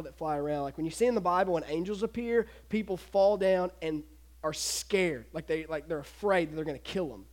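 A man giving a casual, animated youth sermon, retelling a story and acting out the voices of the people in it. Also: high voice. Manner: animated, acts out voices, laughs often.

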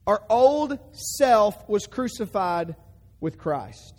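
A man preaching a sermon, emphatic, dropping low and quiet then breaking into loud bursts. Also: big pitch swings, slow. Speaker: pastor. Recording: long hall reverb.

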